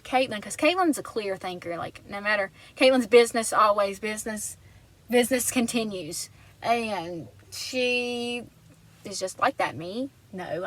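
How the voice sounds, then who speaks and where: A woman's voice: mid-range voice, sharp tone, low-quality recording. A woman vlogger telling a personal story in an earnest, rambling way, often restarting her sentences.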